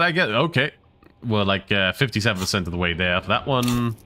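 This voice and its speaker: A man with a mixed British and American accent chats through a game stream. He rambles loosely and fills pauses with fillers. His voice is sore, yet bright and forceful, in a lowish register. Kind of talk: casual gameplay commentary.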